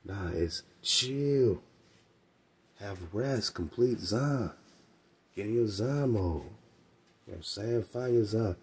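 A man's voice: fairly low pitch, animated, takes it slowly, long pauses, husky. A man hosting a radio show, teaching about religion in casual slang, with emphatic repetition and laughing asides. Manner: slangy, emphatic, repeats phrases. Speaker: radio host.

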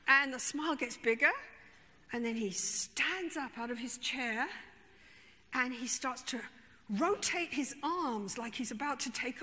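A woman therapist telling an emphatic, expressive story to a conference audience, with frequent asides to the listeners. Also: high voice, a little hiss or hum. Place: large conference hall. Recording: long reverb in a large hall.

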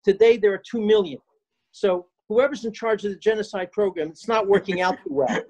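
A man's voice: sits high, fairly quick, darkish tone, rough recording. An older man, a guest on a video call, speaking emphatically and indignantly with frequent filler sounds. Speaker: guest, advocacy group president. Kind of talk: impassioned Zoom discussion.

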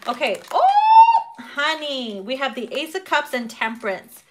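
A woman's voice: sits high, measured pace, heavy background noise. A woman giving a casual tarot reading, brash and profane, laughing often and acting out people's reactions, with her voice getting worn. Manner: animated, acts out quoted reactions. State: losing her voice. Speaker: tarot reader.

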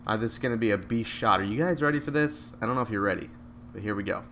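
Lower-voiced man doing excitable game commentary. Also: fast, slight background noise. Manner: excitable, joking, bursts out at shots. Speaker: gameplay commentator. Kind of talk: live gameplay commentary.

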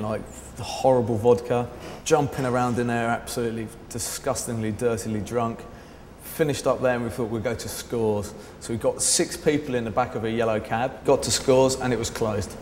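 A man casually telling a story, rambling with lots of "like" and swearing, raising his pitch when quoting people. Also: a little mellow, a little hiss or hum. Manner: rambling, says "like" often, swears freely; raises his pitch sharply to act out quoted people. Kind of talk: casual anecdote to camera. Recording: echoey room with long reverb.

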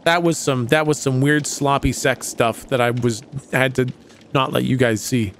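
A man streaming a game live, chatting casually to his chat, excitable and profane and laughing often. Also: medium pitch, normal speed, a little hiss or hum. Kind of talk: casual livestream commentary.

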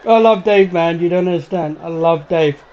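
A man hosting a reaction video, making excited asides between bursts of laughter. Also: fairly high pitch, normal speed. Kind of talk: casual reaction commentary. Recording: muffled lo-fi audio with loud crowd noise.

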